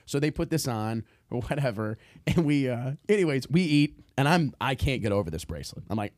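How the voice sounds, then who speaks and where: A man hosting a podcast, telling a story in a casual, animated way, acting out what people said and laughing often. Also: medium pitch, a little fast, no room sound, studio quality. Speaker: podcast host.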